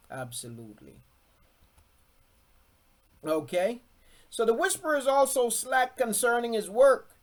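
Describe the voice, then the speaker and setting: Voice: mid-range voice, a little mellow. A Bible teacher leading a scripture lesson, repeating key words for emphasis and often checking in with "okay?". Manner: slow and deliberate, with frequent "okay?" check-ins.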